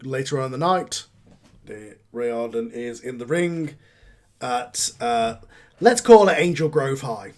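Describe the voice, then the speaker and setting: A man running a tabletop role-play as game master, narrating casually with halting fillers. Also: mid-range voice, animated, darkish tone.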